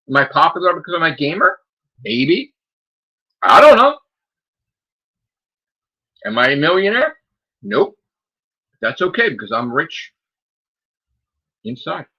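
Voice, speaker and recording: A man's voice: mid-range voice, husky, muffled recording. A man hosting a gaming podcast, ranting defiantly and sarcastically, firing off rhetorical questions. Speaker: podcast host. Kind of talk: solo rant on a gaming podcast.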